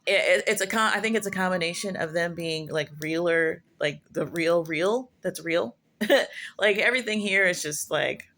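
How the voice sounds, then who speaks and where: A woman's voice: fairly low pitch, normal speed, a bit bright. A woman talking through spiritual experiences in a casual, rambling monologue, full of fillers and self-corrections. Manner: musing, self-correcting storyteller. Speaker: prophetess sharing spiritual musings.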